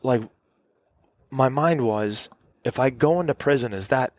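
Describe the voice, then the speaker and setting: A man, a podcast guest, recounting a story in casual conversation, halting and restarting often and leaning on "like.". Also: medium pitch, no echo. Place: cabin.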